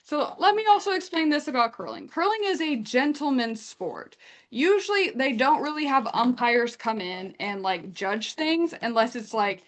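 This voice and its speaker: Young canadian-born woman, kinda high voice, rambly lively storytelling, does little voices for quotes. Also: moderate pace. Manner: animated retelling with acted-out quotes. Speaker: guest storyteller. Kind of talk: casual chat.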